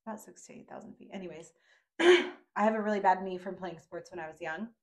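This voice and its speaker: A woman's voice: on the low side, a little fast. Laid-back slangy woman podcast host. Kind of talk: casual chat.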